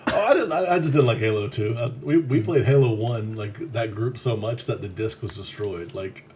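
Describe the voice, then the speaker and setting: A man's voice: fairly low pitch, normal speed, a little mellow. Laid-back man chatting with faint background hum. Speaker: co-host reading chat. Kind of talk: casual chat.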